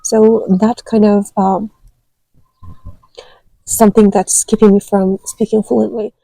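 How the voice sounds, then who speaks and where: A woman's voice: mid-range voice, flat delivery, takes it slowly, gravelly, dark tone, no echo, low-quality recording. A woman who grew up speaking Turkmen, chatting casually and with many hesitant fillers about learning languages. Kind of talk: casual vlog talk.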